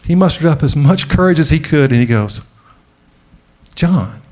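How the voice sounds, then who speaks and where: A middle-aged man giving a conference keynote speech. He tells a personal story and often slows down and drops his voice for the emotional moments. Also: on the high side, lively intonation, a little mellow. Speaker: keynote speaker. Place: large conference venue.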